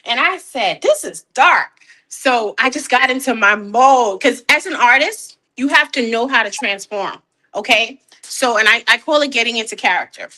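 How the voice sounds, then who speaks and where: A woman, a guest artist chatting in an interview, animated and laughing often, repeating words as she talks. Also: on the high side, moderate pace. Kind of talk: casual interview chat.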